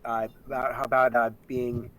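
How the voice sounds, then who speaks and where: A man's voice: mid-range voice, level tone, moderate pace, poor audio. A man co-hosting a casual live-streamed nerd talk show, rambling with many fillers and restarts. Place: home setup, streamed live.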